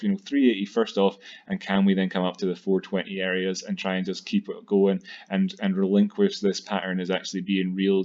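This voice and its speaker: Male chart-analysis host, rushed and full of restarts, low flat delivery on dull lo-fi audio. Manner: fast-talking, with many fillers and self-corrections. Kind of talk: screen-share technical analysis commentary.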